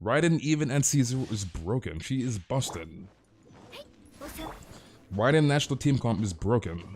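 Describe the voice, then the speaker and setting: A man streaming a game, ranting casually in an excitable voice, stammering, repeating words and swearing often. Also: medium pitch, moderate pace, slight background noise. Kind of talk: casual live-stream rant.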